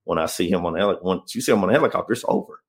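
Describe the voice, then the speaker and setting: Interview guest: a deep, gravelly man recounting his story earnestly. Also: animated, rapid-fire. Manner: earnest, keeps asking "you know what I mean?". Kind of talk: emotional personal storytelling.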